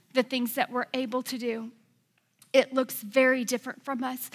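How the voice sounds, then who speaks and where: A woman's voice: high-pitched, flat delivery, normal speed. A middle-aged American woman pastor preaching a sermon, telling a personal story and building to passionate exhortation.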